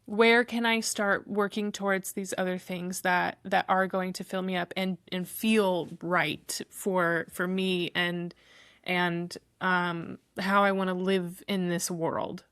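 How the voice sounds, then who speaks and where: A woman guest on a podcast, speaking haltingly with restarts and small laughs. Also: fairly low pitch, level tone, fairly bright tone, clean tone, dry recording. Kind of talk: casual conversation.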